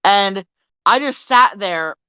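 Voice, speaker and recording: A woman co-hosting a podcast, telling a comic work story in a profane, animated way. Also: mid-range voice, slow pace, clean tone, dry recording, poor audio. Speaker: podcast co-host. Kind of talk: comedic storytelling.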